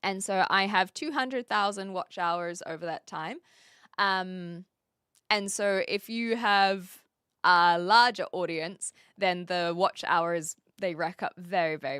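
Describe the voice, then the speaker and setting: Woman, New Zealand accent, streamer reading chat, unhurried, dry close sound. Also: on the low side, fairly bright tone, smooth, no room sound. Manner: chatty, rambling with many fillers and restarts. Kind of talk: live stream chat, reading viewer questions.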